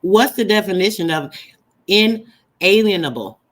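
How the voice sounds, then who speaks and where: A woman's voice: medium pitch, animated, a little slow. Emphatic woman preaching to her live chat. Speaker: livestream host. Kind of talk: live-stream teaching chat.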